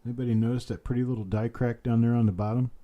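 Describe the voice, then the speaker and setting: A man hosting a live online coin auction from home, repeating bid calls in a steady chant and breaking off into folksy chat. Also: medium pitch, very fast, dull audio. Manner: repetitive bid-calling chant mixed with folksy banter. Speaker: auctioneer host. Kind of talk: live online auction calling with chatty asides.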